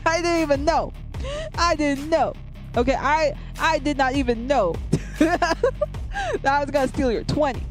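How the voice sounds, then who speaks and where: Woman streamer, higher voice, playful and teasing, chats with viewers, faint music behind. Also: unhurried. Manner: playful, teasing, repeats words, laughs often. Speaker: VTuber streamer. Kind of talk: live-stream chat with viewers while drawing.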